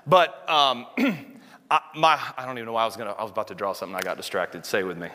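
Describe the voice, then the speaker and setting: A man preaching a sermon in a small church room, intense and animated, acting out quotes as he goes. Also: fairly low pitch, quick pace. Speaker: pastor. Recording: long hall reverb.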